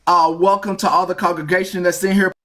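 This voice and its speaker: A man's voice: sits high, level tone, fast talker, a bit bright. A man acting as a pastor, politely greeting his congregation and giving blessings during an online mock trial. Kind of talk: preacherly greeting on a livestream.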